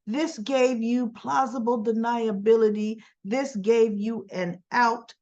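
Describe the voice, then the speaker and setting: A woman's voice: on the high side, steady tone, slow pace, warm tone. Chatty woman recapping a soap, lo-fi. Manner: chatty, sarcastic asides, retells scenes in quoted dialogue. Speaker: soap opera recap host. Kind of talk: casual spoken episode recap. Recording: dull lo-fi recording.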